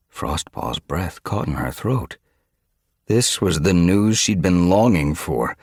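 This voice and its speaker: A man narrating an animal adventure audiobook in an expressive storytelling manner. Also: low voice, slow, slightly rough, no room sound, clean studio sound. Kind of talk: scripted narration.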